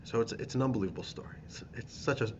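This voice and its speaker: A man, a rabbi teaching a class, telling a story with animated emphasis and repeated phrases. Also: mid-range voice, quick pace, lo-fi sound, slight background noise. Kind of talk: storytelling lesson.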